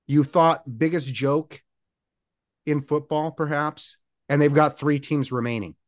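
A man's voice: fairly high pitch, fairly even intonation, a little slow, no room sound. Brief: male co-host, rambling sports banter, laughs easily, dry close mic. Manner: chatty, laughs often, rambling. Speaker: podcast co-host making picks. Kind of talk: casual sports chat.

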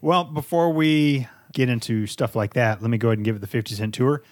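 A man co-hosting a casual movie review chat, with a middle-pitched voice. He talks in a chatty, playful way, dropping swear words freely. The sound is dry and close, with no room echo. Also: brisk. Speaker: podcast co-host presenting the movie.

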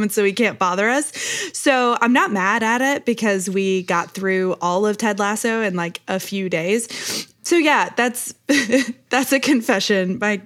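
A woman's voice: medium pitch, fairly bright tone. A woman in her thirties, a pastor who hosts a podcast, chatting casually and laughing often with playful asides. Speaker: podcast host.

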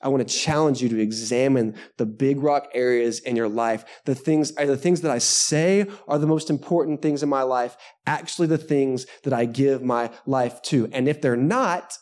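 A man's voice: medium pitch, normal speed, hardly any pauses, darkish tone. A male pastor preaching a sermon to a live congregation, conversational and joking, with self-deprecating asides. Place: church service before a live congregation.

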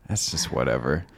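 A man's voice: very deep voice, creaky, slightly rough, no room sound. A young man from the Midwest hosting a casual podcast chat, rambling and laughing often. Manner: laid-back, laughs often, rambling asides. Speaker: podcast host.

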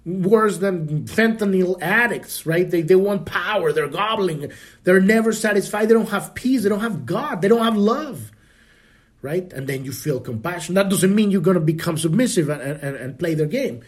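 High-voiced man giving a spiritual talk. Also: lively intonation, normal speed. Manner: casual, swears freely, many restarts. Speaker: podcast host.

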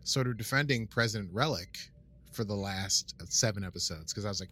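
A man chatting casually about a TV episode in a nerdy, animated way. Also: on the low side, a little fast. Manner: nerdy, animated, puts on silly voices. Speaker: podcast co-host. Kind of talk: casual chat.

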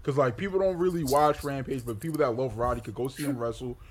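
A man co-hosting a podcast who speaks in an animated way, swearing casually. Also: mid-range voice, fast. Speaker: podcast co-host. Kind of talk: casual wrestling chat.

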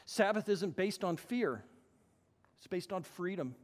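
Male pastor, high-pitched and animated, preaching in a church hall with long reverb. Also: unhurried. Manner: animated, acts out quoted voices. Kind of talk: sermon.

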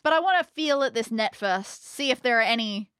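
A woman's voice: on the high side, lively intonation, brisk, fairly bright tone, smooth, no room sound, studio quality. A woman playing a tabletop game, talking through her moves in a methodical, wry way. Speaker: player.

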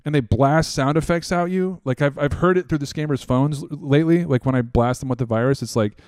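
Male podcast host, rambling excitable storyteller, a bit high-pitched. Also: brisk, smooth, no room sound, clean studio sound. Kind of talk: casual chat.

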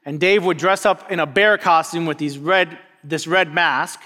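A man pastor telling a story in a sermon, animated and rising high at the climax, recorded in a church. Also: moderate pace. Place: church sanctuary. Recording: long reverb of a church hall.

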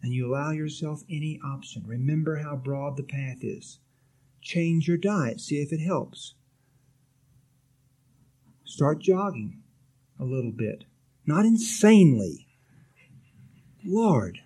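A man giving a sermon as a spiritual teacher, gently exhorting his listeners with light touches of humor. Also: fairly high pitch, lively intonation, takes it slowly, pauses often.

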